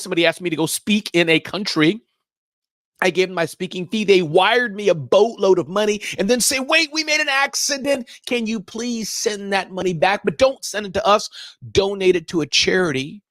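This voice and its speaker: A man's voice: sits high, no echo, clean studio sound. A middle-aged man hosting a live business show, riffing energetically and giving emphatic warnings. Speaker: show host.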